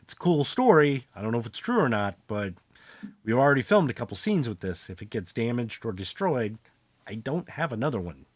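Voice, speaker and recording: A man's voice: mid-range voice, sing-song, a little fast, no room sound. A man voicing a worried male film prop master who frets about a one-of-a-kind prop.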